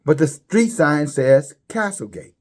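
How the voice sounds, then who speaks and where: A man preaching a religious commentary, halting and repeating words, his voice climbing high when he stresses a point. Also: lively intonation, darkish tone.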